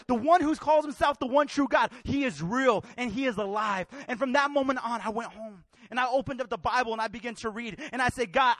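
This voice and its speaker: A man from California telling his conversion story as a sermon, slangy and casual at first, then rising into loud, fervent preaching. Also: very high voice, dry recording. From California, USA. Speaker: preacher giving his testimony. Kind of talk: sermon testimony.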